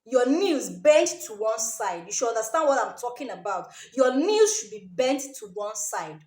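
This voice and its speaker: A woman's voice: fairly high pitch, very animated, normal speed, darkish tone, reverberant. A woman with a Nigerian accent giving emphatic advice to camera, repeating her warnings and tagging sentences with "oh" and "okay?". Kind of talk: casual advice talk to camera.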